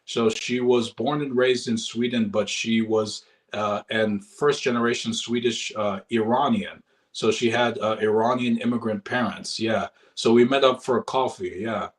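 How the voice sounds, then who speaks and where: An American man chatting casually about a trip, relaxed and animated as he tells stories. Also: moderate pace. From United States. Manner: animated, acts out quoted people in a high voice. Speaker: guest telling travel stories. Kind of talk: casual storytelling chat.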